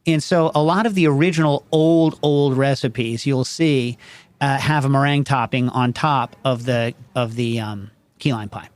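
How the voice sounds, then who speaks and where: A man's voice: mid-range voice, fairly even intonation, normal speed, dry recording. A man hosting a casual call-in show, rambling and digressive, constantly asking "you know what I mean" as he talks. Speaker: show host.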